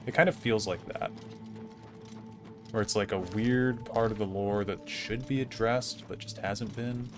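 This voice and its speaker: Male streamer, 30s, low register, halting casual delivery. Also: fairly even intonation, over music. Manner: rambling, halting, many fillers and restarts. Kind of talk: casual storytelling while gaming.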